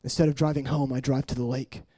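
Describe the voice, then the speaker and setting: A man in his late twenties preaching an emotional personal testimony, shifting between hushed murmurs and raised, intense passages. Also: level tone, fast talker. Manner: earnest, swinging from hushed murmurs to raised, high-pitched intensity.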